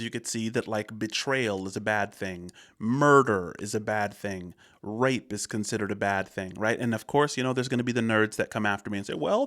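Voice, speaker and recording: An American man hosts a reaction video, rambling casually through his thoughts on a clip with restarts and fillers. His voice is fairly low and a bit bright.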